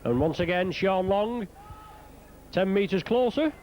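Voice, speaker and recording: With a high, darkish voice and lively intonation, a man commentates live on an outdoor rugby league match. Player names come in quick bursts, his voice climbs at each score, and there's slight background noise.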